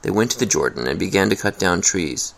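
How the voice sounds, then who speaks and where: A man reading a Bible chapter aloud in a steady, measured way. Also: low voice, vocal fry. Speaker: scripture reader.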